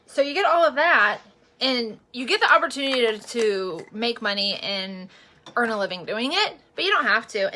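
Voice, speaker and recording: A woman's voice: a little high, lively intonation, normal speed, sharp tone. A woman, likely in her forties, chatting casually through a makeup vlog, rambling with lots of fillers and growing earnest about her faith. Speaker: makeup vlogger and direct seller.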